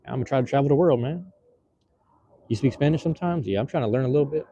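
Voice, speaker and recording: A man on the street live-streams from his phone in hand, rambling casually and slangily to viewers with lots of fillers and restarts. His medium-pitched, warm voice goes very fast. The sound is lo-fi, with slight background noise.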